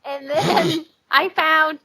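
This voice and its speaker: A young woman co-hosting a podcast in casual chat, swearing freely, laughing often and rambling quickly. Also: high voice, fairly even intonation, pushed and bright. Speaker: podcast co-host.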